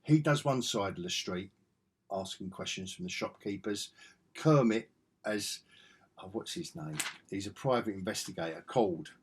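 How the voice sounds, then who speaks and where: A man's voice: lowish voice, moderate pace, slightly rough. A man talking through comic books in a casual review vlog, chatty and enthusiastic.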